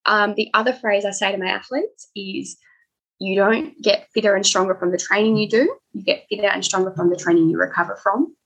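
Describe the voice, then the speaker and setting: Chatty woman, gravelly and husky. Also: mid-range voice, fairly even intonation, a little fast, a bit bright, low-quality recording. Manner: chatty, rambling, quotes people in raised voices. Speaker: podcast guest, doctor. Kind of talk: casual interview chat.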